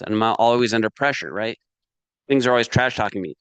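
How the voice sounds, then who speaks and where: A man teaching a business course in a casual, animated way, often checking in with the listener. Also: on the low side, brisk, smooth, dry recording. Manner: animated, asks "does that make sense" and "right" often; acts out inner voices and his dog.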